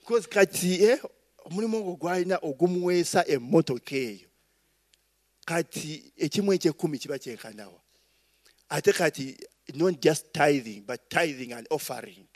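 A man's voice: fairly high pitch, moderate pace. A middle-aged Ugandan man preaching a sermon, rambling with asides and tossing "eh?" and "okay?" to the congregation. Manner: rambling, call-and-response asides, frequent "eh?" and "okay?". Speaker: pastor.

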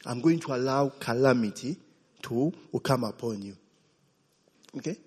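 A man preaches in an emphatic, deliberate way and keeps checking in with his listeners. His voice is husky and slow-paced. The sound carries a long, echoing church-hall reverb. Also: mid-range voice, a little mellow. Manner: emphatic, asks the congregation "okay?" often. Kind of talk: sermon.

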